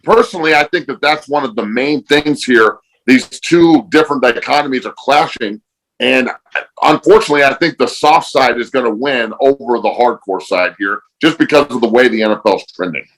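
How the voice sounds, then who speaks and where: A man's voice: mid-range voice, a little fast, fairly bright tone, rough recording. A man hosting a podcast, talking bluntly and emphatically in casual chat, with frequent swearing. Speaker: podcast host.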